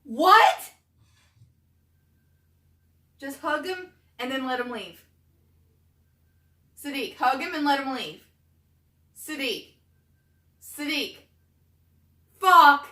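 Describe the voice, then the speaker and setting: A woman's voice: high-pitched, lively intonation, slow pace, long pauses, a bit bright. A woman hosting a reaction video, reacting emotionally to a TV episode, swearing freely and talking back to the screen.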